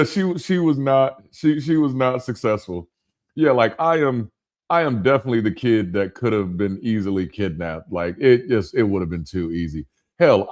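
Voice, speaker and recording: A man in his thirties from the Southern US with a Southern accent, hosting a casual live chat and telling jokey stories. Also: on the low side. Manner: animated storyteller, jokey, laughs often. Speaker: host.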